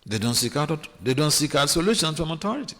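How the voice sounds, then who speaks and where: Animated man lecturing in a reverberant hall. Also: on the high side. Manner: animated, acts out quoted voices, laughs often; halting with restarts. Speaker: speaker giving a scripture class. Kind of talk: sermon. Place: temple hall.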